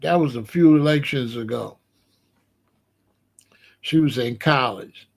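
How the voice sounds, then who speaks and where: A man in his sixties giving a rambling comedic monologue as host, telling stories with animated disbelief and laughter. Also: mid-range voice, takes it slowly, gravelly. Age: 60s. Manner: animated, incredulous storytelling with laughs.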